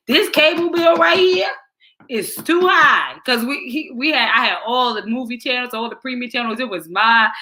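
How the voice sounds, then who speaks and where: A woman in her forties with a bright, ringing voice, pitched a little high for a woman. She hosts a relaxed chat show and tells her stories with big energy, and at times she swings into loud, dramatic outbursts. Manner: animated storyteller, bursts into loud emotional exclamations. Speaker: host. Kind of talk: casual chat show storytelling.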